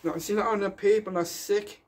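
A man's voice: sits high, fairly even intonation, normal speed. Defiant, rambling man. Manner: emphatic, repetitive, defiant. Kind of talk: rambling public rant.

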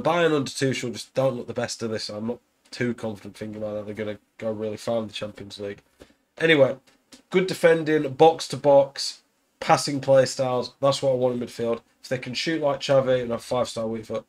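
A young man walks through his game setup in an easygoing, conversational voice. His pitch sits in the middle of the range, and he thinks aloud as he goes, dropping the occasional filler. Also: fairly quick, darkish tone. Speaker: gaming content creator. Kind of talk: casual tactics explainer.

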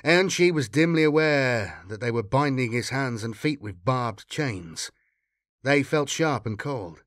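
A man's voice: mid-range voice, no echo, clean studio sound. Man reading a grim sci-fi story. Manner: measured, dramatic storytelling. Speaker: audiobook reader.

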